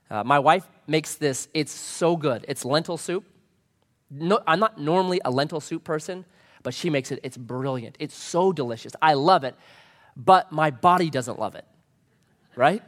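Animated preacher man in a reverberant hall. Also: on the high side. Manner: animated storytelling preacher, acts out quotes. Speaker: pastor. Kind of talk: sermon. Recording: long reverb of a large hall.

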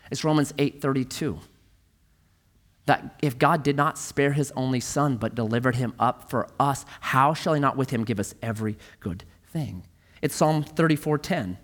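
A male pastor preaching a sermon emphatically, moving between loud pushes and quiet, low lines. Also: moderate pace. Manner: emphatic, swings from loud to hushed.

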